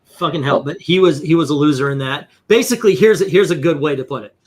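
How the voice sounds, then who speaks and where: A man's voice: a little high, fast, darkish tone, breathy edge. A man hosting a comics channel in casual chat, rambling with lots of fillers and frequent swearing.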